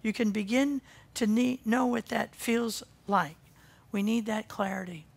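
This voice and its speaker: A woman pastor preaching a sermon, swinging from loud emphasis to quiet intensity. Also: fairly high pitch, measured pace, vocal fry, slightly rough.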